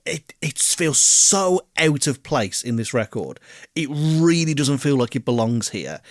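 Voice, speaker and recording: A man, co-hosting a casual album review podcast, animated, swearing freely and laughing often. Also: medium pitch, a little slow, no echo, studio quality. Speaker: podcast co-host.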